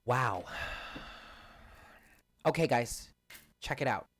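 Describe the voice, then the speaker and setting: A man's voice: mid-range voice, animated, very slow, a bit bright, a little hiss or hum. A man giving a live channeled card reading, talking earnestly and directly to his viewers. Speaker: spiritual card reader.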